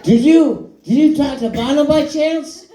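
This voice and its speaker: A man doing a comic impression of a giddy, always-excited male talk-show host, stammering and breathless in a live room. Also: very high-pitched, measured pace, heavy background noise, pitched above the performer's own voice. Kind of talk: stand-up impression. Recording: roomy live venue.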